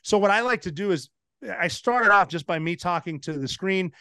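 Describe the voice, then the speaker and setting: 40s american guy telling stories on a podcast, kinda high voice, lots of restarts, dead dry mic. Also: normal speed, clear, resonant tone, no room sound. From United States. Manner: animated anecdotes with frequent restarts and laughs. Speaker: podcast guest, former Navy SEAL. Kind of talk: casual storytelling chat.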